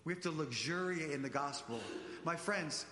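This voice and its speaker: A man delivering an animated sermon, speaking directly to the congregation in a church. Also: a little high, moderate pace, a little hiss or hum. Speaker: preacher. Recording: echoey church hall.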